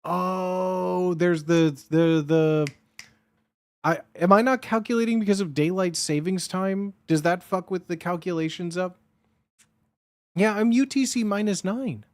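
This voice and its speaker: This is a young man chatting on his livestream in a relaxed, rambling way. He keeps getting excited and swears freely. His voice sits fairly high, and the sound is dry and close to the mic. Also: unhurried, no echo. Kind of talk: casual stream chat.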